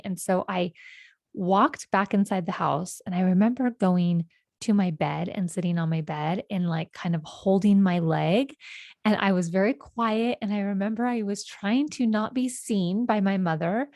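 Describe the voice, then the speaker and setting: A woman in her forties, originally from California, hosts a podcast and recalls childhood memories. She wanders through her stories, pausing to correct herself gently. Her voice sits at an everyday middle pitch and is recorded dry and close, with almost no room sound. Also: no room sound. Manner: meandering, reflective, gentle self-corrections. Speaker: podcast host. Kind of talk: reflective personal storytelling.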